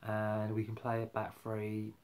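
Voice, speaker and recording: A man's voice: on the low side, monotone, a little slow, darkish tone, smooth. A man rambling casually about football on a live stream, full of fillers and restarts. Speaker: football fan vlogger.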